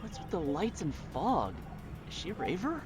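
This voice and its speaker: A woman's voice: on the low side, big pitch swings, moderate pace. A woman voicing an awkward, apologetic young newcomer in a video game. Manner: hesitant, apologetic. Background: loud game music.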